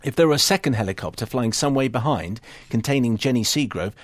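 A man presenting a radio show, reading listener emails aloud in a dry, unhurried way. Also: mid-range voice, lively intonation, dry recording. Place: radio studio.

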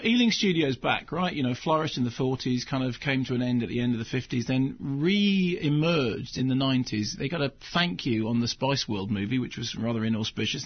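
A husky male film critic on the radio, delivering wry, cutting verdicts at an ordinary pitch. The sound is a touch dull and muffled, like a radio broadcast.

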